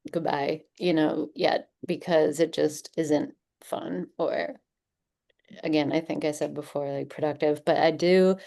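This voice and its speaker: A woman's voice: deep voice, vocal fry, warm tone. A woman speaking on a panel as a parent with cancer, chatty and rambling with many fillers. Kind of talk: panel discussion.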